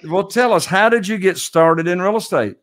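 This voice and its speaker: A man's voice: sits high, moderate pace, fairly bright tone. A man hosting a casual interview, asking questions in an upbeat, friendly way with hesitant fillers. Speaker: podcast host.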